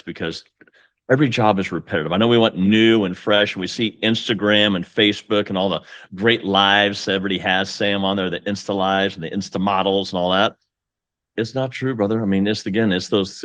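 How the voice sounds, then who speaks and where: Emphatic man with a low voice. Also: fairly bright tone, no echo. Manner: emphatic, pep-talk delivery. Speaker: mortgage coach guest. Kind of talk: casual podcast conversation.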